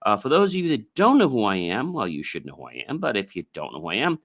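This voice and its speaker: Male podcast host, low-ish voice, casual and rambling, demonstrates chanting. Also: huge pitch swings, a bit bright. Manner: chants drawn-out oms in demonstration; loose, filler-heavy, repeats himself. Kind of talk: casual solo podcast talk.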